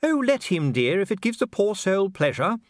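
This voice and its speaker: A man voicing a refined, kindly noblewoman who coaxes her husband gently and practically. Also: high voice, sing-song, normal speed, dry recording, studio quality, voice pushed up. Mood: brisk, concerned. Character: refined, kindly noblewoman, middle-aged wife.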